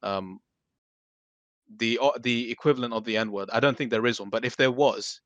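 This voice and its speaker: A man hosting a casual podcast discussion, talking in halting restarts as he thinks his view through. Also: medium pitch, a bit bright, dry recording, highs cut off. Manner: hesitant, many restarts, thinking aloud.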